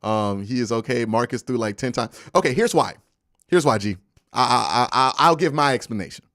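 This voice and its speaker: A young man talks straight into a close microphone on his live stream, animated and argumentative as he answers his viewers' messages. His voice swings up and down a great deal. The sound is dry, with no room around it. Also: mid-range voice, fairly quick, no echo. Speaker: host of a live football post-game stream. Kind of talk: casual live-stream commentary.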